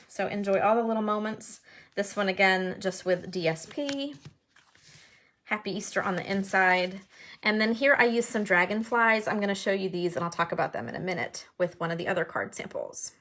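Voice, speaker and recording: Chatty lady showing her paper crafts, excited, kinda rambly, normal mid voice. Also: medium pitch, slight background noise. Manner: chatty and enthusiastic, thinking aloud. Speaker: card-making demonstrator. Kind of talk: casual show-and-tell crafting video.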